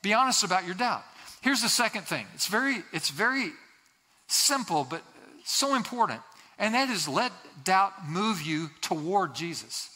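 High bright-voiced man preaching in a hall. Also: sing-song, unhurried. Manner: earnest, repeats phrases for emphasis, acts out quoted voices. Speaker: pastor. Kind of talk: sermon. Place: church sanctuary. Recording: long hall reverb.

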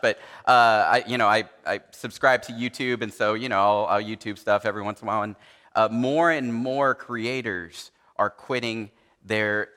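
A male pastor with a bright, forward, medium-pitched voice gives a relaxed, conversational sermon in a large church hall with long reverb. He uses lots of small fillers and acts out the dialogue of people in his stories.

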